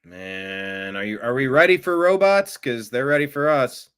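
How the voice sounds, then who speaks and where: A man's voice: mid-range voice, animated, unhurried, fairly bright tone, clean tone. A man hosting a political news show, talking casually with wry, offhand remarks. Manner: wry, offhand, mocking asides. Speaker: political commentary show host.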